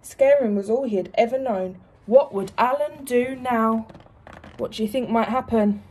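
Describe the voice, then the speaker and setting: Woman teacher, story reading for kids, husky voice, fairly high. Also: normal speed. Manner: warm, expressive, asks the children questions. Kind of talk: reading a picture book to young children.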